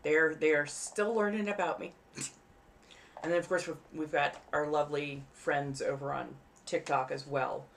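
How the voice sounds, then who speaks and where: A woman's voice: low-pitched, steady tone, moderate pace, vocal fry, slight background noise. A woman hosting a live stream in casual chat, rambling easily and enunciating carefully around costume fangs. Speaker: livestream host.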